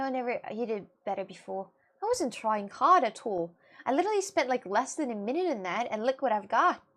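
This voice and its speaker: A woman's voice: on the high side, creaky. A woman chatting casually with her livestream viewers, rambling and giggling as she answers them. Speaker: streamer.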